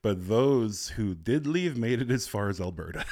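A man's voice: mid-range voice, fairly bright tone. A man chatting on a podcast who rambles through his stories and chuckles between phrases. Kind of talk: casual chat.

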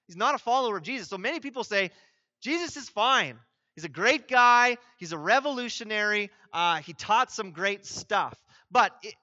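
Guy pastor giving a sermon, high bright voice, kinda muffled lo-fi sound. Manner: earnest preaching, rising to emphatic peaks.

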